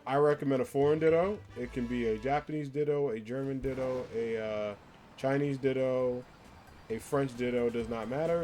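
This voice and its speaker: A man's voice: mid-range voice, darkish tone. Chatty male streamer, faint music behind. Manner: chatty and rambling, laughs often, fillers like "like" and "um"; reads viewer comments aloud and answers them. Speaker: live streamer playing a video game. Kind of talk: casual live-stream chat with viewers. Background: faint game music.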